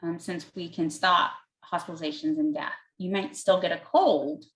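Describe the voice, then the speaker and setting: Woman doctor in a q&a, fairly low voice, walks through things step by step, lots of um while she thinks. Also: fairly even intonation, normal speed, rough recording. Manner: plain-spoken, explains step by step with everyday comparisons; thinks aloud with frequent "um". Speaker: physician answering audience questions. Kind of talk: explanatory Q&A.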